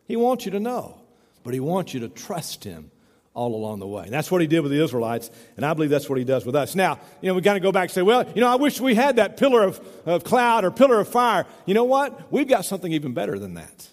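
Middle-aged male pastor, folksy conversational sermon, high-pitched, long hall reverb. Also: a little mellow. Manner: conversational, says "you know" often.

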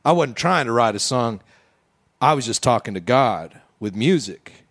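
A man preaching a conversational sermon, then leading the congregation in a slow, quiet breathing prayer. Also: mid-range voice, expressive. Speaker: pastor.

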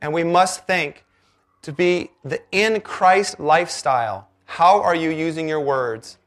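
Man, pastor, sermon, earnest, emphatic, slightly higher voice. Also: fairly bright tone. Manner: earnest, emphatic, slows for scripture quotes.

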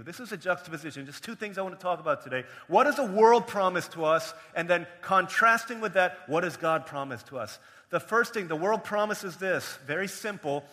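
A young adult man preaching a sermon as pastor, swinging from raised, emphatic lines to quiet storytelling. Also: on the high side, animated, fairly quick, hardly any pauses. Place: church sanctuary. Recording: long hall reverb.

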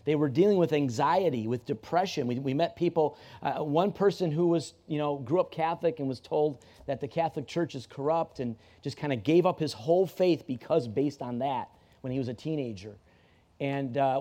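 A man's voice: fairly high pitch, mellow. A man preaching a sermon to a church congregation in a conversational way, often restarting his sentences and repeating key phrases for emphasis. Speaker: pastor. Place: church service.

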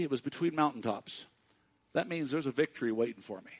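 A man preaching a sermon to his congregation, speaking directly to them and swinging between hushed and loud passages. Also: medium pitch, expressive, fairly quick, husky. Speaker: pastor.

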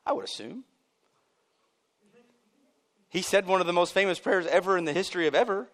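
A man preaching a sermon at a church service, emphatic and casual, jumping from loud bursts down to near-quiet lines and dropping in chuckling asides. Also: sits high, lively intonation, normal speed, long pauses. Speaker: pastor.

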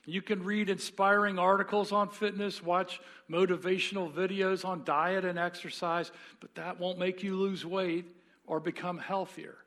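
Preaching a sermon, a pastor tells the story earnestly and leans into dramatic pauses. His voice is fairly high and a bit bright.

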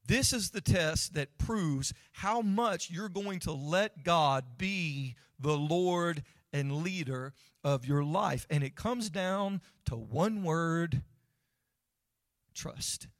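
A man's voice: fairly high pitch, expressive, takes it slowly, hardly any pauses, dry recording, studio quality. A man preaching a sermon in a conversational way, asking his listeners questions. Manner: conversational, asks the audience questions. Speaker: pastor.

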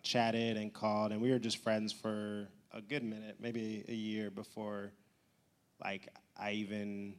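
A young man calmly recounting how he met his wife, relaxed and even. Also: lowish voice. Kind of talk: casual storytelling.

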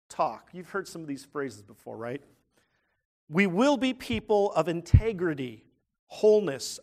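A man preaching a sermon as pastor, animated, with rising bursts when he acts out a crowd. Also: high-pitched.

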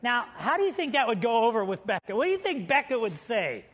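Male pastor, very high voice, humorous storyteller, sermon delivery. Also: fast talker. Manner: lively storytelling preacher with humor.

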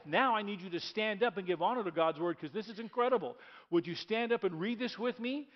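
A man preaching a sermon in a church, lively and repeating key lines as he leads the congregation in reading aloud. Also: high voice, brisk, dull audio. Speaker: pastor.

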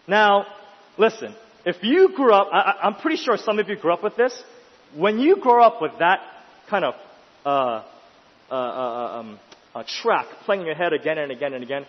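A man's voice: on the high side, animated, a little fast, slightly rough. Emphatic man preaching in an echoing hall. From New York City. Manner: emphatic, rising to intense questions then dropping quiet. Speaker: pastor. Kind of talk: sermon. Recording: dull, lo-fi sound in a long-reverb hall.

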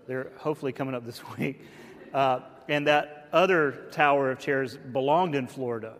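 A man's voice: mid-range voice, steady tone, normal speed, big-room sound, a little hiss or hum. A man, the church's pastor, telling a funny story and making announcements in a casual, self-deprecating way. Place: church sanctuary.

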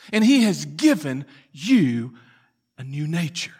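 Bright-voiced preacher man. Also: sits high, sing-song. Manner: folksy storytelling with dramatic pauses. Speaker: pastor. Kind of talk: sermon. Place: church.

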